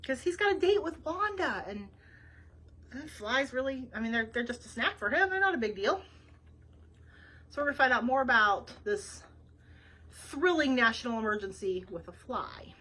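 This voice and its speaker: Woman librarian, read-aloud host, chatty, lively pitch, bright, husky. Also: moderate pace. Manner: chatty, laughing, rambling.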